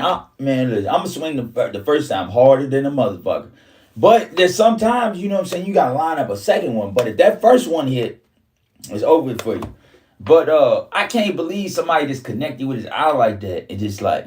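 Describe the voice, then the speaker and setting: A man telling a story in casual, profane street talk, his voice jumping up high whenever he quotes himself. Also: darkish tone, recorded from a distance.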